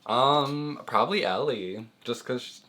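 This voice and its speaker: A man's voice: medium pitch, a little slow, sharp tone. A young man chatting casually with his girlfriend on camera, laughing often and hedging with lots of fillers. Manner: giggly, hesitant, lots of fillers. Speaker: boyfriend, guest. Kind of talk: casual chat.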